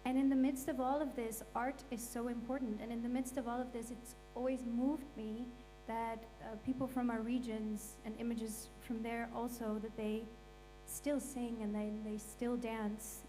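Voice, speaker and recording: A woman speaks on a stage panel with rising emotion, her words blunt and heartfelt. Her voice sits a little high but sounds mellow, with a faint mains hum underneath. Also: level tone, moderate pace, rough recording. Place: event stage.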